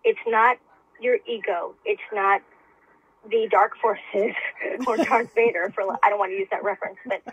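An earnest woman in her fifties, chatting as a podcast guest, her voice husky and slightly breathy. The sound is dry and muffled, like lo-fi call audio with no room around it. She talks in a plain, middle-pitched voice. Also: steady tone, moderate pace, a bit bright, no room sound. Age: 50s. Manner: earnest, laughs often. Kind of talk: casual conversation. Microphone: remote call mic.

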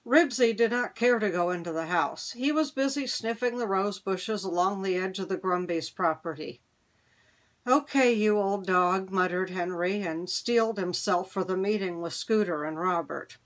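A woman reading a children's chapter book aloud at a measured, unhurried pace. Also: mid-range voice. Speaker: reader.

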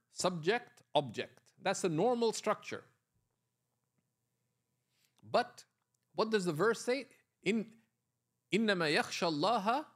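High, animated male grammar teacher. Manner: explains step by step, quizzing students with questions; frequent checking tags like "right?". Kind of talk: classroom lecture.

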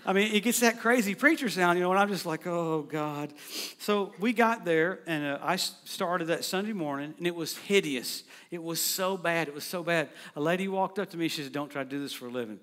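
Middle-aged preacher, high-pitched, animated anecdotal delivery with quick asides, church stage mic. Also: male voice. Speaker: guest preacher. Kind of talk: storytelling sermon. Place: church sanctuary.

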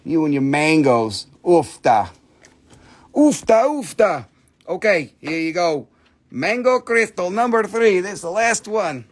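This livestream crystal seller, a man from Appalachia in the US, has a high voice and a moderate pace. As he prices stones in his relaxed sales chat, he jokes around, cusses freely, and drifts into goofy voices.

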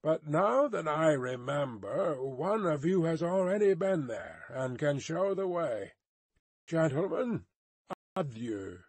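A man voicing a watchful, guarded male wine-shop keeper in a storybook reading, with curt, measured replies. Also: a little high, lively intonation, a little mellow, dry recording, heavily acted.

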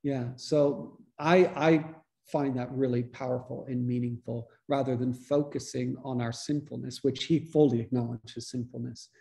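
A man, a priest, giving a relaxed, conversational teaching talk to a church study group, restarting his sentences often. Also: medium pitch, moderate pace, creaky, few pauses. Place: church meeting room.

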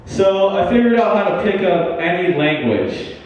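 A man doing stand-up, delivering slow deadpan one-liners. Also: high voice, dull audio, slight background noise. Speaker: stand-up comedian. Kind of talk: stand-up set. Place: comedy club stage. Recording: reverberant hall, far from mic.

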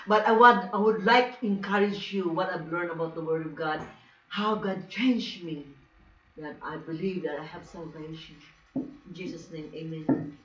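A woman's voice: lowish voice, a little slow. A woman with a Filipino accent giving an emotional personal testimony, speaking broken English mixed with Cebuano. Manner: emotional, animated storytelling, laughs often. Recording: roomy, distant, dull lo-fi sound.

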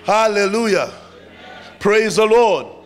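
A man pastor with a South African accent, preaching an impassioned sermon that rises to shouts. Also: high voice, animated, takes it slowly, soft background music.

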